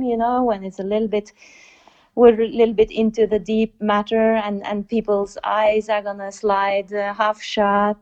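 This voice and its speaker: A woman's voice: medium pitch, a little mellow. A woman from Norway, a philosophy teacher being interviewed, who speaks thoughtfully and repeats herself for emphasis. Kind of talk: conversational interview. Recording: dull lo-fi recording.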